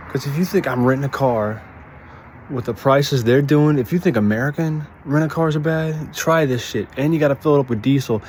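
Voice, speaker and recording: A man in his forties from Arkansas, a stand-up comedian telling travel stories in a casual vlog, animated and profane. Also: fairly high pitch. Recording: noisy ambient background.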